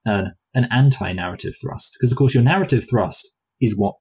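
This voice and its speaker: A man's voice: medium pitch, moderate pace, a little mellow, a little hiss or hum, rough recording. A man co-hosting a film review chat, rambling and hesitant, with many restarts and playful speculative asides. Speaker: film review podcast co-host.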